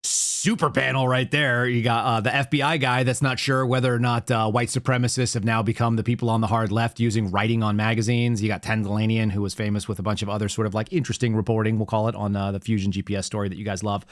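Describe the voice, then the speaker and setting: A man in his thirties hosts a political commentary podcast, sarcastic and animated as he tells stories and reacts to news clips. His voice is fairly low-pitched, and he talks quickly with hardly any pauses.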